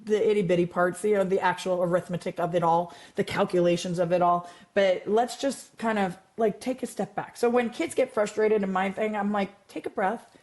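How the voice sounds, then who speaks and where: A woman math teacher speaks as a guest in a relaxed conversation. She talks in a chatty, animated way, circling back with fillers and restarts. Her voice sits at a middle pitch. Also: normal speed, hardly any pauses. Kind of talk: casual interview chat.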